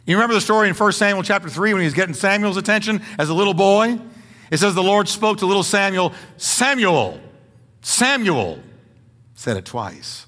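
A man's voice: sits high, fairly bright tone, big-room sound. A man preaching a sermon as pastor, stressing points by repeating words and joking with the congregation in a church. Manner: folksy humor with the congregation. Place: church sanctuary.

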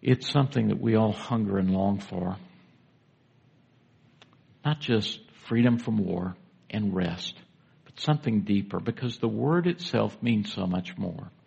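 A man's voice: fairly low pitch, unhurried, creaky, a little mellow, breathy edge, dull audio. A man preaching a sermon to a congregation in a church, in a conversational way, putting questions to the listeners. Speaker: pastor.

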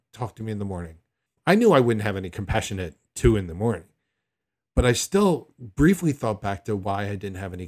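A man's voice: on the low side, darkish tone. A middle-aged man hosting a podcast episode, telling a personal story in a candid, reflective way with frequent restarts. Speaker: podcast host.

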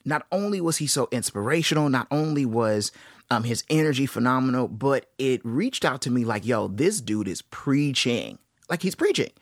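A young man in his twenties hosting a podcast, telling stories in a casual, animated and enthusiastic way with playful asides. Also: mid-range voice, fairly quick, no echo, clean studio sound. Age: 20s. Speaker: podcast host. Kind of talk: casual storytelling monologue.

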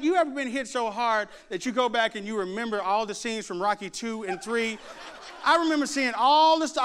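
A middle-aged man preaching a sermon, telling stories with humor and acting out the voices of others. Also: high-pitched. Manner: animated, jokes and mimics voices. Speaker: pastor. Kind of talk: sermon with storytelling. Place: church before a laughing congregation.

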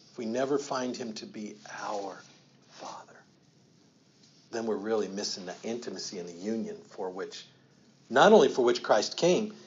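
A man's voice: lowish voice, darkish tone, highs cut off. A middle-aged man, a pastor, teaching a sermon on scripture in a conversational way, repeating himself and asking the room questions.

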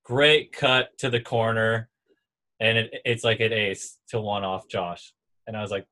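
A man's voice: lowish voice, a little slow. A young man, a former volleyball player, telling a sports story in casual chat and acting out what others said. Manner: animated storyteller, acts out quotes.

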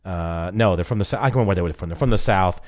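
Laid-back low-voiced man in podcast chat. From American South. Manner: laid-back, halting, loose storytelling. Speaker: podcast co-host. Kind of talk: casual chat.

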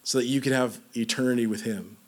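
A man's voice: medium pitch, fairly even intonation, fast. A man preaching a sermon in a conversational way, reading scripture and often saying "like". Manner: conversational, peppered with "like".

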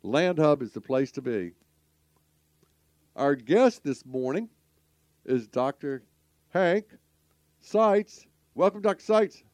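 A man's voice: fairly high pitch, expressive, slow pace, pauses often, a little mellow, no room sound. A man hosting a radio talk show, folksy and rambling, often stumbling over his words. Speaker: podcast host.

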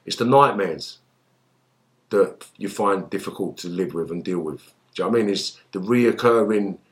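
A man's voice: low-pitched, normal speed. A middle-aged man, a former gangster telling stories in an interview and swearing a lot. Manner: animated storytelling, acts out voices loudly, swears. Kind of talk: storytelling interview.

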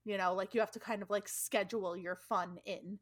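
Woman co-host, chatty and loose, mid pitch, dry sound. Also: fairly even intonation, fairly quick, no room sound. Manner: chatty, fills talk with "like". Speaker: podcast co-host. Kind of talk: casual chat.

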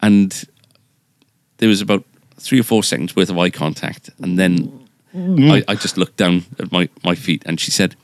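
Podcast host, very low voice, dry close sound, rambling anecdote teller. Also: male voice, animated, normal speed, no echo. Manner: rambling, full of fillers and self-mocking asides. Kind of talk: casual anecdote telling.

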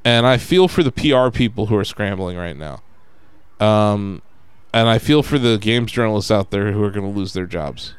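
A man hosting a casual podcast, talking in an animated way and swearing when he gets worked up. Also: fairly low pitch, normal speed, clear, resonant tone, no room sound. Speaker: podcast host.

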